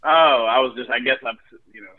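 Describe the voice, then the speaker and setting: A man co-hosting a casual comedic podcast, animated and quick to laugh. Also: mid-range voice. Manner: animated, laughing, jumps into loud mock voices. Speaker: podcast co-host. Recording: dull lo-fi sound.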